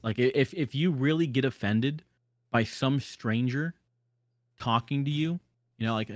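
Brief: male podcast host, forceful ranter, curses freely, dry close sound. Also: medium pitch, measured pace, no room sound. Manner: emphatic, heavy swearing, ranting. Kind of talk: casual podcast chat.

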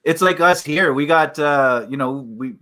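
Bright-voiced man asking halting questions. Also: on the high side. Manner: halting questions with many fillers. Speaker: co-host. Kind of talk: casual chat.

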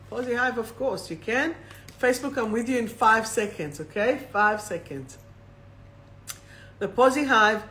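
A woman hosts a live oracle card reading on a phone or webcam stream. She talks at an unhurried pace in a bright, clear voice. She reads each affirmation slowly and then says it again. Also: medium pitch. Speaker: host and card reader.

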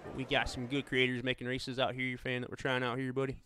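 Bright-voiced chatty gaming streamer man. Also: mid-range voice, completely flat delivery, fast, slight background noise. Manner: chatty, friendly, calls viewers "man" and "buddy". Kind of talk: casual gameplay chat.

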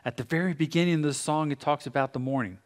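A middle-aged American pastor preaching a sermon with dramatic pauses, now and then acting out voices. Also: male voice, a little high. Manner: dramatic pauses, acts out God's voice and a busy morning. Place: church sanctuary.

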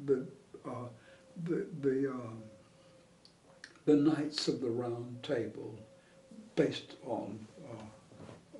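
An older man with a gravelly, mellow voice tells his memories slowly, stopping often to search for words. He sounds a little far from the mic, in an echoey room. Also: mid-range voice. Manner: hesitant storyteller, many pauses and fillers. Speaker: interview guest. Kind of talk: reminiscing conversation.

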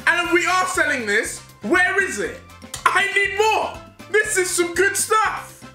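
A young British man on a casual taste-test vlog, reacting loudly and with excitement. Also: very high voice, a little slow. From United Kingdom. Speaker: YouTuber. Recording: echoey room with loud music.

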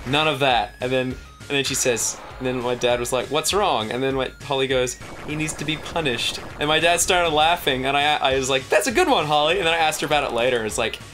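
A man's voice: medium pitch, quick pace, a bit bright. A young man co-hosting a gaming chat, telling rambling anecdotes and correcting himself as he goes. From Australia. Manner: rambling storyteller, self-correcting. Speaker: co-host. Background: game music.

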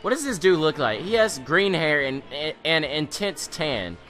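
Excitable teen boy gaming commentator. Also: on the high side, a little slow, music in the background. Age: teens. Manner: excitable, rambling, self-mocking. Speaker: gaming channel host. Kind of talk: gameplay commentary.

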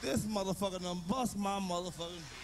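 A man doing loud, profane, animated stand-up comedy on stage, telling stories and shouting punchlines. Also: sits high, fairly quick. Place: comedy stage before a live audience. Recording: live show recording with reverb and noise.

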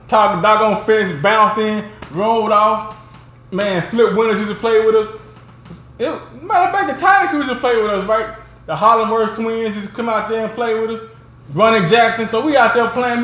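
A man hosting his own show, telling rambling, animated stories about backyard games and peppering them with "you know what I'm saying". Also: high voice, reverberant. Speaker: show host. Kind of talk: casual storytelling.

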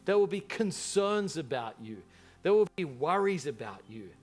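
A pastor preaches to a large congregation, telling stories with passion and animation. His pitch is fairly high and his pace normal.

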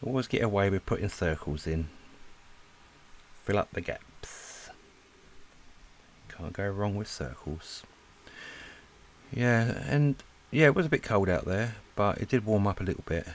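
A man rambling casually to viewers as he draws, relaxed and a little breathless. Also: on the low side, a little slow, pauses often, a little hiss or hum. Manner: relaxed, rambling, talks to viewers while drawing. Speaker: art channel host. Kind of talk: casual chat while drawing. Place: lives in Spain.

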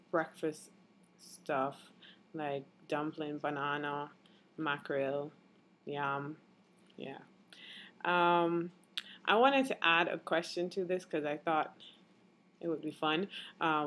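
Slow, low-voiced woman vlogging. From Jamaica. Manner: relaxed and chatty, reading questions aloud with small laughs. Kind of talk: casual video-blog chat.

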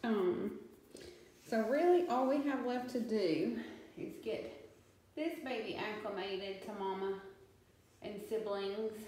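A woman's voice: on the high side, warm tone, heavy reverb, a little hiss or hum, poor audio. A woman rescuing cats, chatting casually and rambling at home, now and then cooing baby talk to the animals. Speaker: cat rescuer vlogging. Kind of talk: casual chat. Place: room in a house.

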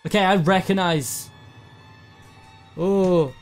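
A man's voice: sits high, slow, clean tone, soft background music. A man giving nervous, swearing commentary while playing a horror game, often repeating words in panic. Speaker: let's play gamer.

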